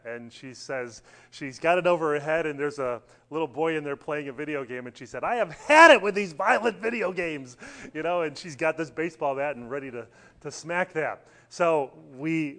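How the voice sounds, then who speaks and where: A middle-aged man teaching a church Bible study in a conversational way, asking his class questions and using many fillers. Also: on the high side.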